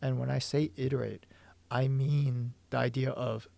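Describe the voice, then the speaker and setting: A man working as a manga artist who thinks aloud while drawing on a stream, eager and full of stumbling restarts, hoarse from losing his voice. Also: mid-range voice, steady tone, unhurried, dark tone, no room sound. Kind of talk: livestream drawing explanation.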